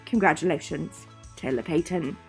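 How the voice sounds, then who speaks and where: A woman's voice: low voice, normal speed, vocal fry, soft background music. A woman theater teacher presenting awards in a playful, theatrical, jokey way, often interrupting herself.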